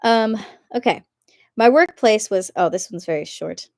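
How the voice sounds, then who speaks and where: A chatty woman reads online posts aloud on a live stream, giggling and stopping to add her own remarks. Her voice sits at an ordinary middle pitch. The sound is dry and close, with no room around it. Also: measured pace, creaky, dry recording. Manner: chatty, giggly, breaks off to comment. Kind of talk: casual live-stream reading.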